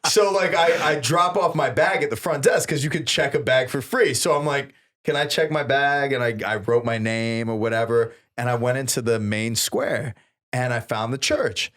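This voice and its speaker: A man co-hosting a podcast, telling a story in a casual, animated way and acting out the people he quotes. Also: medium pitch, normal speed. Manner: animated, acts out quoted voices with big laughs. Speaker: podcast co-host. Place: podcast studio.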